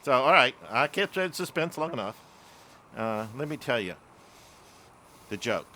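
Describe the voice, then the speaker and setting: A man's voice: medium pitch, sing-song, moderate pace, bright, forceful tone, slight background noise. A man in his later years telling a rambling childhood story, often laughing at himself. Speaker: vlogger. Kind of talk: casual storytelling monologue.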